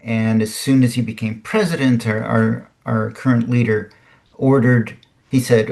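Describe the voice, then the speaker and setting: A man hosting his own podcast, giving casual commentary on current articles in a halting, musing way. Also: mid-range voice, fairly even intonation, vocal fry, darkish tone. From United States. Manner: musing, halting, with frequent restarts. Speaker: podcast host.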